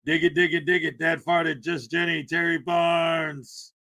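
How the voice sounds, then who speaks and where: A man's voice: on the high side, flat delivery, measured pace, gravelly. A man hosting a casual morning livestream, joking around and greeting viewers by name. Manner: jokey, playful, shouts out viewers by name. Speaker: livestream host. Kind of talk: casual live-chat greetings.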